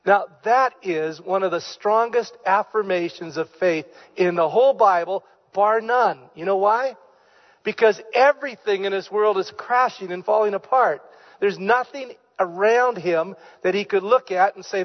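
A pastor preaching a sermon in church, with emphatic delivery, repeated key phrases and questions put to the congregation. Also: male voice, high voice, unhurried, in a large hall, dull audio. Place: church sanctuary.

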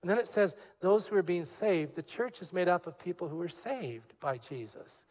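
An older man delivers a sermon as a pastor. His voice sits a little high for a man. He tells stories with animation, acting out the dialogue, and then moves into teaching. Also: normal speed, long reverb tail. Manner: animated storyteller, acts out quoted dialogue. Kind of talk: sermon with personal storytelling.

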